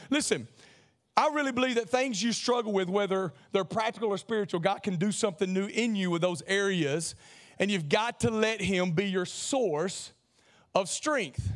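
A pastor preaching a sermon in an animated way, acting out comic scenes with shouts. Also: male voice, high-pitched.

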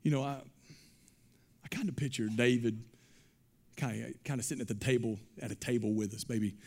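A man's voice: mid-range voice, fairly even intonation, brisk, vocal fry, darkish tone. A man preaching a sermon as a pastor. He delivers it with emphatic, rising exclamations and frequent repetition.

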